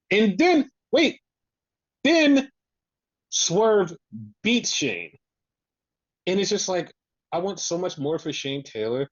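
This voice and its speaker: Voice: medium pitch, very animated, slow, pauses often. A podcast co-host ranting in exasperation through a casual wrestling recap, swearing often. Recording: dull lo-fi sound.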